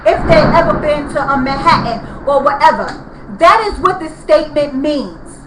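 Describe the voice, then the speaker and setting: A woman's voice: high voice, expressive, normal speed, echoey room, noisy background. A woman, venting in a heated, profane, repetitive vlog rant. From New York. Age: 30s. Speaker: vlogger.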